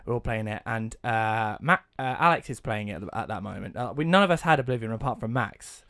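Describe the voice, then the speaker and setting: A young man co-hosting a casual podcast, rambling and restarting as he tells gaming stories, getting loud and laughing when excited. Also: fairly low pitch, brisk, dry recording, clean studio sound. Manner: rambling, self-correcting storyteller who gets loud and laughing when excited. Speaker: podcast co-host. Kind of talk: casual chat. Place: home studio, dry close mic. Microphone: close podcast mic.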